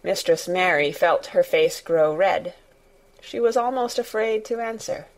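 A woman reading a storybook aloud as narrator, in a measured, even storytelling manner. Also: fairly low pitch, rough recording. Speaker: audiobook narrator.

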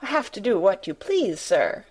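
A woman's voice: mid-range voice, big pitch swings, moderate pace, darkish tone, breathy edge. Woman voicing a timid housemaid. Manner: broad dialect, deferential. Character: young Yorkshire housemaid, timid and earnest.

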